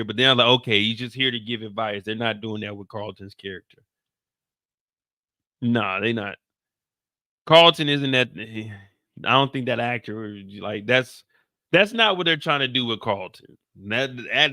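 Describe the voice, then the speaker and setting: A man hosting a casual TV recap, talking in an animated, slangy and joking way. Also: lowish voice, no room sound, studio quality. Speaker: show host.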